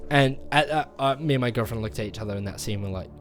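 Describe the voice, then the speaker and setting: A man's voice: mid-range voice, racing, fairly bright tone, faint music behind. A man giving a casual spoken movie review, rambling through the plot with lots of fillers and acted-out lines. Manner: rambling retelling with many fillers, acting out quoted lines.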